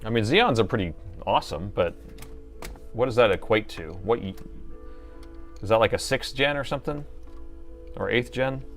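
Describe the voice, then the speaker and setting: A man's voice: medium pitch, lively intonation, normal speed, long pauses, soft background music. A middle-aged man hosting a live repair stream, chatting and thinking aloud as he works and joking with his viewers. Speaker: host and laptop repair technician.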